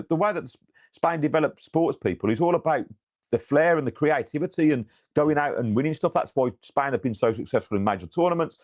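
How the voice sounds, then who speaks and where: A man talks football on a fan podcast. He swears freely and restarts his sentences, getting animated as he rants. It is casual, unscripted chat. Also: medium pitch. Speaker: podcast co-host.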